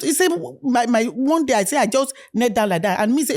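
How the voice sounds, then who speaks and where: A woman's voice: fairly high pitch, fast talker. A middle-aged woman from Africa, in candid conversation, telling stories and acting out family dialogue. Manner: animated storytelling, acts out dialogue. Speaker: guest.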